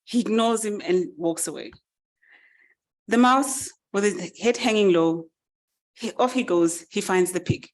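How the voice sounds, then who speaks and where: A woman giving a speech, narrating a farmyard fable with lively, animated delivery. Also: mid-range voice, unhurried. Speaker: summit speaker. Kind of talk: storytelling speech.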